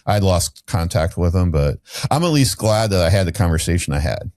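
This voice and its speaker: A man's voice: deep voice, animated, fairly quick, darkish tone, no echo. A middle-aged man, a podcast guest, telling a candid story in a rambling way with restarts and fillers.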